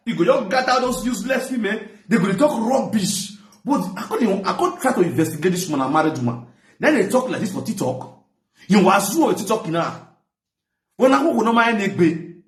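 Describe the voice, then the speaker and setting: A fairly high-voiced Nigerian man hosting his own talk show, ranting excitedly in pidgin mixed with local phrases. His voice jumps up sharply when he gets heated. The sound bounces around an echoey room. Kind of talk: animated gossip commentary.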